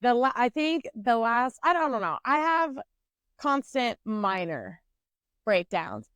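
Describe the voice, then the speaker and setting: A woman in her twenties co-hosting a podcast, telling a story in casual, animated chat and swearing freely. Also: a little high, measured pace, clear, resonant tone, no room sound. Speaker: podcast co-host.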